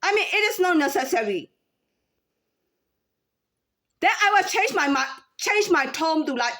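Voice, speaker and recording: A woman in her thirties or forties speaking in a casual unscripted monologue, halting with many fillers and restarts. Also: very high-pitched, lively intonation, pushed and bright. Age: 30s to 40s. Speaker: former store employee.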